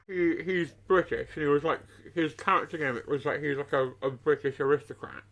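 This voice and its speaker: A man tells anecdotes on a podcast with a dry, deadpan wit. His voice is a little high. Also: a little fast, poor audio. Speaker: podcast co-host. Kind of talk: casual chat.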